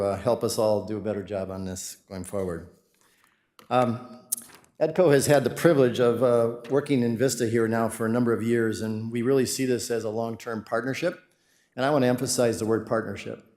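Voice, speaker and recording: A man presents his company's services to a city meeting in a friendly, rambling way, tripping over fillers and restarting his sentences. His voice sits somewhat low, and the council chamber gives it a clear echo. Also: a little mellow. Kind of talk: public presentation to residents. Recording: echoey meeting room.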